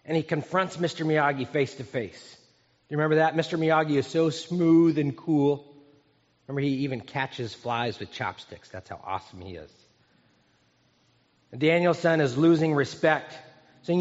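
Earnest and conversational, a fifties-aged pastor preaches a sermon, often turning to listeners with questions. His voice is a little high for a man and moves at a moderate pace, while the muffled, dull recording rings with a long hall echo.

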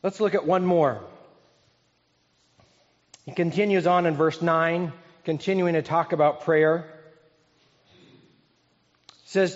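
A male pastor preaching in a relaxed, conversational way, telling stories with pauses and restarts. His voice sits a little high for a man. The sound is muffled and echoes through a large hall. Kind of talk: sermon. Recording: dull, echoey hall recording.

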